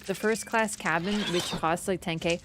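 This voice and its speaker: A woman streaming a game, chatting casually with her viewers, teasing and jumping between excited bursts and low mutters. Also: normal speed, noisy background. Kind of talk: casual gameplay commentary.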